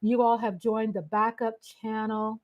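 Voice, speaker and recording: A woman's voice: a little high, level tone, measured pace, muffled recording. Emotional woman ranting on a livestream. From Texas. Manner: emotional, ranting, talks straight to viewers. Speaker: livestream host. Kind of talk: casual live-stream chat.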